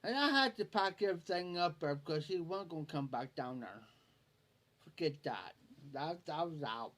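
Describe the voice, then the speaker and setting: A man's voice: on the high side, animated, normal speed, fairly bright tone. A man with a rural Ohio accent telling a folksy story on a late-night stream, laughing as he goes. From Ohio, USA. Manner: folksy, laughing as he tells a yarn. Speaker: livestreamer.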